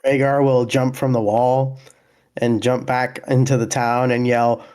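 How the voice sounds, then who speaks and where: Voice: mid-range voice, flat delivery, unhurried, warm tone. Laid-back player in a tabletop game.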